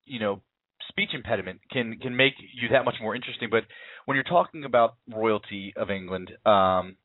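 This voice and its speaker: Over a tinny line that sounds like a phone, a US film reviewer with a voice on the low side talks informally about a movie he watched. He speaks at a moderate pace, wandering through his thoughts with lots of fillers and restarts, and no room sound is heard.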